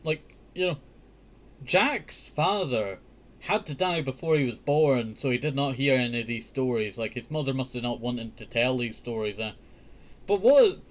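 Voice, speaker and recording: A man's voice: medium pitch, expressive, normal speed. Chatty man reading a storybook aloud. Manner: chatty, joking asides, says "I tell you" often. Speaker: host reading a children's book. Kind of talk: casual storybook reading with commentary.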